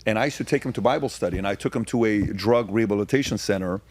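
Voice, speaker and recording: A man's voice: lowish voice, rapid-fire, darkish tone, slightly rough, dry recording. A man who is a guest on a podcast, telling stories in casual conversation. He turns emphatic and asks rhetorical questions when he argues. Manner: storytelling, turning emphatic and rhetorical when arguing.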